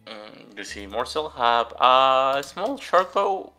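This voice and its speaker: A man's voice: medium pitch, very animated, slow pace, sharp tone, faint music behind. A man playing in a tabletop game, talking casually and sometimes stammering. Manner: hesitant, stammers. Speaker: player.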